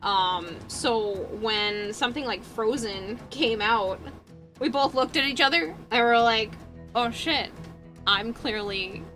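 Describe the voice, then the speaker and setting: Music plays as a young woman streams herself crafting a cosplay, chatting casually and swearing freely between stories and laughter. She speaks at a fairly high pitch, a little slow, with a slightly bright tone.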